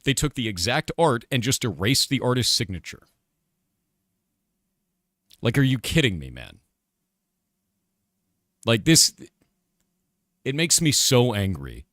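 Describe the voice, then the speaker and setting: Lively low-voiced angry male streamer. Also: dry recording, clean studio sound. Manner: angry, profane, emphatic. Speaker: streamer and game developer. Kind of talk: casual live-stream rant.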